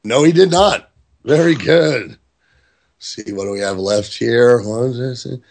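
A man's voice: medium pitch, a little slow, vocal fry, darkish tone. A man hosting a casual quiz game on a podcast, playful and joking as he reads names from a list. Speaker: quiz host.

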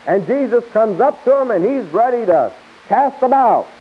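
A man's voice: very high-pitched, animated, normal speed, slightly rough. A man teaching verse by verse from the Bible in a sermon, emphatic and repetitive, with chuckling asides, on a tinny lo-fi tape.

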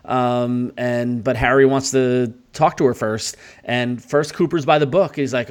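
A man's voice: mid-range voice, moderate pace, hardly any pauses. A man hosting a podcast, chatting casually about a TV series, rambling with many fillers and restarts and laughing often. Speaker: podcast host. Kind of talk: casual chat recapping a TV series.

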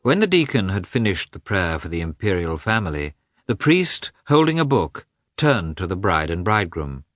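Male audiobook narrator, measured literary reading, very low voice, dry close sound. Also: big pitch swings, a bit bright, no echo. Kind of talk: scripted narration of a classic novel.

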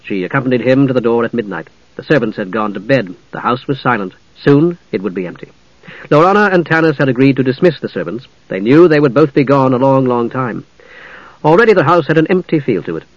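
A man narrating a fantasy novel in a measured, even storytelling manner. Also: medium pitch, no room sound, highs cut off. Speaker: audiobook narrator.

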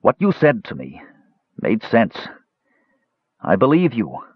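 A man's voice: lowish voice, wildly swooping pitch, slow pace, slightly rough, dry recording, highs cut off, pitched above the performer's own voice, full character voice. A man voicing an earnest, defiant male mage who speaks in an impassioned, pleading way.

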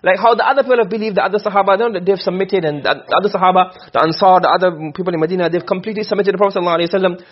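Rapid-fire and hardly pausing, a high-pitched man teaches a class about the rhetoric of the Quran. He questions and answers himself throughout, heard on a dull, lo-fi recording.

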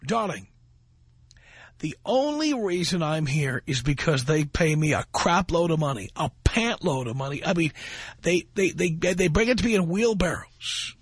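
A man's voice: fairly high pitch, lively intonation, normal speed, slightly rough, no echo. A man hosting a radio talk show from a studio, delivering a brash, boastful monologue.

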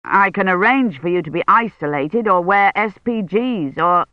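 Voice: mid-range voice, moderate pace, no room sound, natural voice. A reader voicing an older male academic who presses urgently for help. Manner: urgent, persuasive. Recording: dull lo-fi sound.

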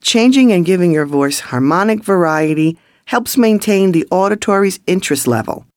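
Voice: mid-range voice, expressive, moderate pace, darkish tone, no echo, clean studio sound. A sales trainer giving coaching tips in an emphatic, scripted voice-over.

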